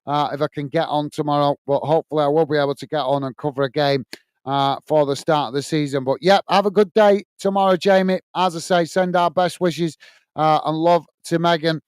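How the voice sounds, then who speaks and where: A British man hosting a casual football live stream, filling his talk with "uh" as he reads out comments and thanks viewers one by one. His voice sits a little high for a man and comes through smooth and clear. The sound is dry and close, with little room around it. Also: fairly even intonation, a little fast, no echo. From United Kingdom. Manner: chatty, many "uh" fillers, friendly sign-offs to viewers.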